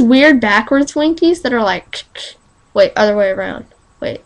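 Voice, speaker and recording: A teenage girl with a slight lisp from retainers, vlogging at home in a dramatic, excitable way. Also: a little high, unhurried, vocal fry. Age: teens. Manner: excitable and dramatic, breaks into squealing panicked quotes. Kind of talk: casual vlog monologue.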